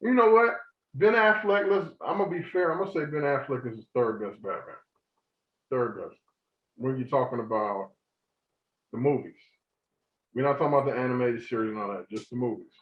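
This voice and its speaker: A man co-hosting a podcast, ranting in animated, profane casual chat. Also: medium pitch, brisk, long pauses. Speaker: podcast co-host. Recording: roomy, dull lo-fi sound.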